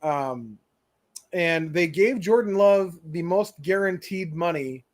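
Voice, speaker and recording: Earnest, higher-voiced man on a video call. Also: animated, slow pace. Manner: earnest, searching for words with many restarts. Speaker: podcast co-host. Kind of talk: casual chat.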